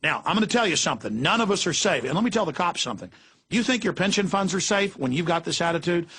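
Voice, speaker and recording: A man's voice: high-pitched, animated, fast, a bit bright, breathy edge. A middle-aged man hosting political talk radio, ranting in a fiery, emphatic way. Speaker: radio talk show host.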